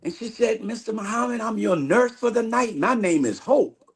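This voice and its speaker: A man giving an animated spiritual testimony in an interview, acting out the dialogue he recounts. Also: high-pitched, normal speed, husky. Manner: animated storyteller, acts out quoted dialogue. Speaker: guest minister.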